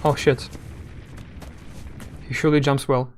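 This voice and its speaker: Halting, word-searching man streamer. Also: mid-range voice, little pitch movement, over music. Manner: rambling, halting, searching for words. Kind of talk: casual live game commentary.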